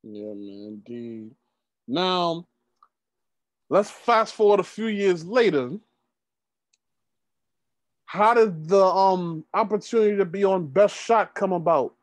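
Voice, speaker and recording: A man hosting a basketball interview who asks questions slowly and answers with short agreements. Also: high-pitched, expressive, no room sound. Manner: unhurried, short affirmations. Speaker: podcast host, interviewer.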